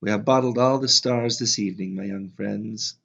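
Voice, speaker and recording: A man's voice: on the low side, moderate pace, gravelly, a bit bright. A man voicing a tall young Dutch waiter who speaks with a Dutch accent in a showy, theatrical way. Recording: slightly dull lo-fi audio.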